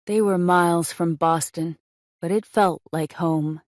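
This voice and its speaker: A woman's voice: on the low side, steady tone, unhurried, no room sound, clean studio sound. A woman narrating a romance audiobook in a scripted reading style.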